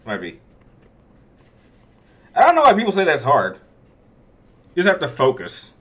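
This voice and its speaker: In his thirties, this man hosts a relaxed Q&A, wandering through viewer questions and restarting often, with chuckles between answers. His voice is fairly high and swings hugely in pitch, pushed and bright, at a measured pace.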